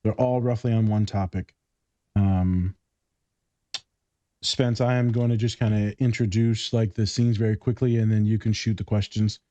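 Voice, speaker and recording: A man's voice: lowish voice, fairly even intonation, moderate pace, warm tone, no room sound, muffled recording. A man co-hosting a podcast in casual chat, joking and rambling, swearing casually. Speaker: podcast co-host.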